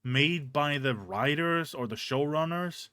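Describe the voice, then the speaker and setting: A man's voice: on the high side, a little slow, clean tone, dry recording, clean studio sound. A young man streaming, ranting casually and profanely with many restarts, in a hot room with a fan on. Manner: animated, profane, rambling with restarts.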